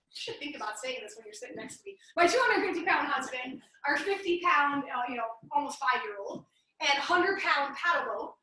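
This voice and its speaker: Bright, chatty woman in an echoey room. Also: high voice, recorded from a distance. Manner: animated, chatty, peppered with "like" and "right?". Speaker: business strategist running a workshop. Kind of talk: energetic workshop talk with personal storytelling. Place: large room at a live workshop.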